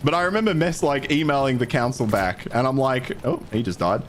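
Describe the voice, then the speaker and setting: A man's voice: a little fast, slight background noise. A man with an Australian accent ranting profanely and in exasperation while commentating his gameplay on stream. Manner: profane, exasperated ranting, voice jumping high when worked up. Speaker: gaming streamer.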